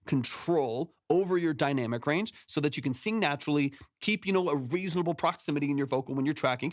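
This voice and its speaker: A man's voice: a little high, no echo. A male music producer giving casual, rambling mix feedback on a livestream from his home studio, speaking close to a compressed studio microphone. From San Antonio, Texas. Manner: rambling, self-correcting, often tags "right?".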